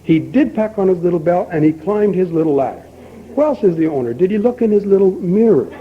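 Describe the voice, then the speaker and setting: An older man speaking at a recovery meeting, telling a long folksy joke and acting out both characters with lively emphasis. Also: high-pitched, fairly quick. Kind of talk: storytelling talk at a recovery meeting. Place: meeting hall. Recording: dull lo-fi archival tape with faint hiss.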